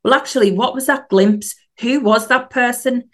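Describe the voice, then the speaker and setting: A woman's voice: on the high side, moderate pace, a bit bright. A woman, a mindset coach, hosting a solo motivational podcast and asking earnest, encouraging questions.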